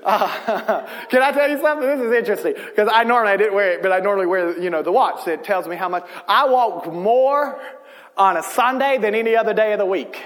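A man with a high voice delivers a sermon a little fast, full of lively humor, repeatedly asking the congregation questions. The long reverb of a large church hall makes his voice ring out.

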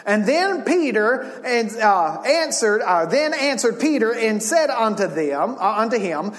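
High-voiced preacher, echoing hall. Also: male voice, big pitch swings, normal speed, few pauses. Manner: conversational and joking, building to shouted emphasis. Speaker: pastor. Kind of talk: sermon.

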